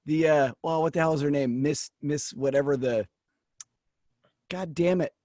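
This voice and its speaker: A man co-hosting a comedy podcast, telling a story from his college days with animated delivery. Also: a little high, moderate pace, no echo, studio quality. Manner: animated, storytelling with quoted voices. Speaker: podcast co-host.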